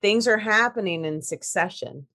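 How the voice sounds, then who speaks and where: A woman co-hosting a podcast in casual chat, animated and laughing often, restarting her sentences as she goes. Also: mid-range voice, moderate pace.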